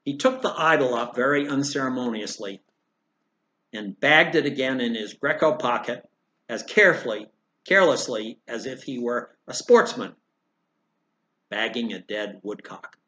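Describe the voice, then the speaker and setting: Bright, crisp male reader, steady narration, roomy echo. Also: mid-range voice, moderate pace. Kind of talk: reading a classic novel aloud.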